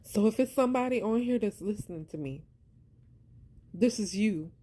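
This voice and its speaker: An animated woman with a dark, mid-range voice speaks at a moderate pace, pouring passion into her account of faith and surviving abuse. This vlogger sounds like a preacher, repeating points and calling her audience "y'all." Her heartfelt faith-based monologue leaves her voice strained and close to tears.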